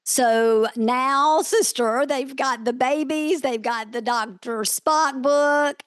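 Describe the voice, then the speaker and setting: Higher-voiced Southern woman podcaster. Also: slow, no echo, studio quality. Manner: animated, drifting into a drawl. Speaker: podcast co-host. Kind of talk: casual movie discussion.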